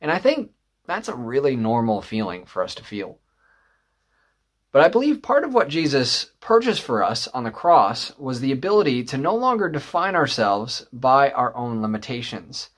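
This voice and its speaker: A young adult man from northern Michigan, preaching a sermon with a personal story, often pausing on "uh" and building emphasis. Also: medium pitch, big pitch swings, fairly bright tone. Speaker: pastor.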